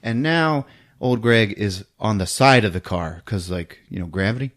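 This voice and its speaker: A man hosting a podcast, casually recapping a film scene by scene, laughing often and acting out the characters' lines in squeaky voices. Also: lively intonation, normal speed, a bit bright. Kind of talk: casual movie recap chat.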